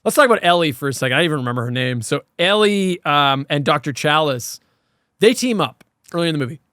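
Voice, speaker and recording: A man co-hosts a casual podcast about horror films, speaking in a fairly high voice. He talks animatedly and swears freely. The recording is close and dry. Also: fast, clean tone, dry recording. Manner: animated, profane, laughs while talking. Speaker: podcast co-host. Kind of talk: casual horror film review chat.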